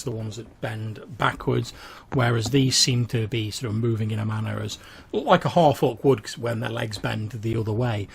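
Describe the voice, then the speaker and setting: A man narrating a tabletop role-playing session as game master, describing the action in a measured way. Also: mid-range voice, vocal fry, a little hiss or hum.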